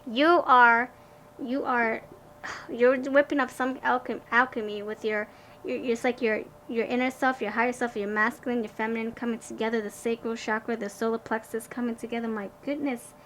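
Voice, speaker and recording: A woman with a slightly high voice gives a pick-a-card tarot reading. She gushes with excitement, tripping over and restarting her words. For advice she drops to a slow, hushed, soothing tone. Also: a little hiss or hum, low-quality recording.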